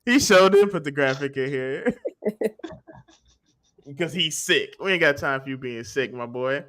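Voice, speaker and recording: A man's voice: on the high side, expressive, a little slow, a bit bright. A man hosting a podcast in casual chat, loose and joking, laughing often. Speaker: podcast host.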